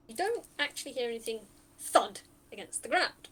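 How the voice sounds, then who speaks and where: Lady gm, fairly high voice, chatty, thinks out loud, lots of ums. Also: lively intonation, moderate pace, husky. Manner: chatty, thinks aloud, many fillers. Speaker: game master. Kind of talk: narrating a tabletop game.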